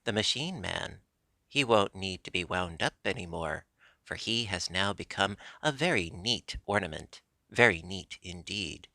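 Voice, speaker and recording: A man's voice: deep voice, expressive, a little slow, pushed and bright, dry recording, clean studio sound, full character voice. A man voicing a small, nervous, blustering underground king who is easily startled, in a storybook reading. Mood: gloating. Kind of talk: audiobook character voice.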